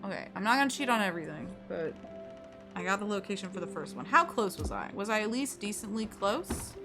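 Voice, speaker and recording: A woman's voice: medium pitch, animated, brisk. A woman streaming a game live, chatting with viewers in a playful, rambling, self-deprecating way. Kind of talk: casual live gameplay commentary. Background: game music.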